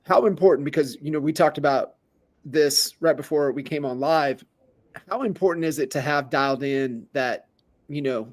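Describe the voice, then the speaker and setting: A man's voice: fairly high pitch, moderate pace. A man hosting a podcast who asks a guest long, loose, conversational questions. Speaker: podcast host. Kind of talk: interview questions.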